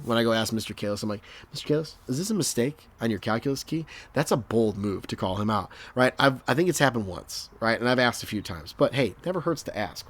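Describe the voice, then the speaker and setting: A young male math teacher working through review problems in a casual, joking way, recorded at home on a desk microphone. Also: mid-range voice. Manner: chatty, jokey, talks to students as he works.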